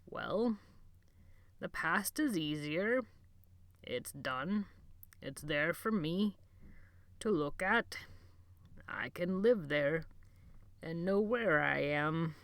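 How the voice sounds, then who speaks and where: A woman doing a frail hoarse old librarian. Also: low voice, lively intonation, no echo, exaggerated voice. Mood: wistful. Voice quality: hoarse, near-whisper. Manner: slow, halting, dreamy speech. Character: frail, gentle old male asylum librarian.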